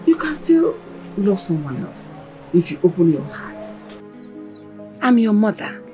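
An actress playing a middle-aged Nigerian mother in a film drama, coaxing and chiding her daughter in a husky voice, mixing in Igbo phrases. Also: mid-range voice, big pitch swings, measured pace, warm tone, faint music behind.

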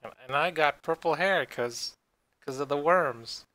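Man doing a whiny stammering anime girl, bright voice, dry sound. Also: on the high side, unhurried, no room sound, rough recording. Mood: whiny mockery. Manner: mocking, exaggerated, stammering. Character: whiny moping anime schoolgirl, teen.

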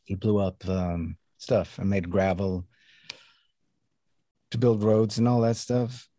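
Deep Swedish-accented man, relaxed. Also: slow pace, no echo. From Sweden. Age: 50s. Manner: laid-back, relaxed, with casual swearing. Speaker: guest musician. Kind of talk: casual interview chat.

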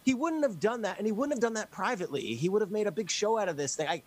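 A man's voice: high-pitched, expressive, quick pace, poor audio. A man on a sports talk panel, arguing emphatically and pushing back on the others. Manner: emphatic, pushes back with repeated starts.

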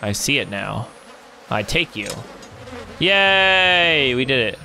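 A young man giving let's play commentary on a horror game, excitable and swearing, yelling in panic when chased. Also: fairly low pitch, moderate pace, vocal fry, slight background noise. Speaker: gamer.

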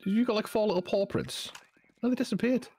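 During casual chat while playing a co-op game, a man with a high, husky, darkish voice talks briskly and cracks dry, teasing jokes at his partner.

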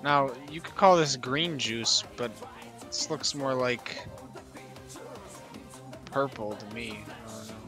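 A man's voice: mid-range voice, takes it slowly, pauses often, music in the background. A man chatting casually while playing a game with friends, joking and swearing often. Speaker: gamer streaming with friends.

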